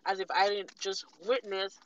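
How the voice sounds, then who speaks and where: A woman vlogger telling a casual story with animated, sassy delivery and acted-out quotes. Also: mid-range voice, normal speed, dull audio, very noisy. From California. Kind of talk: casual storytime while eating.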